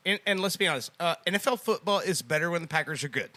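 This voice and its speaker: Bright, analytical man discussing football. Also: a little high, lively intonation, quick pace. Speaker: podcast co-host. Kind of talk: casual sports chat.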